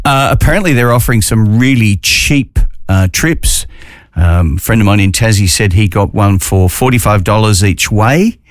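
A man's voice: on the low side, moderate pace, dry recording. A man with an Australian accent, hosting a casual talk radio show in a studio, chatting and telling corny jokes. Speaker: radio host.

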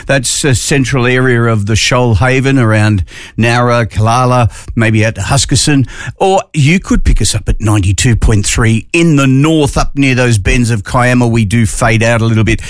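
Chatty Australian radio presenter, dry sound. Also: male voice, mid-range voice, moderate pace, no room sound. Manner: chatty, jokey, upbeat. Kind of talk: casual radio chat. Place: radio studio.

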